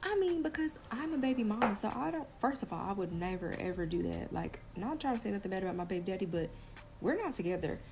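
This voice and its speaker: A woman's voice: mid-range voice, lively intonation, quick pace, over loud music, low-quality recording. Candid young woman telling a storytime. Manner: candid, profane, filler-heavy with lots of "like". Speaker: vlogger telling a personal story. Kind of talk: casual storytime monologue.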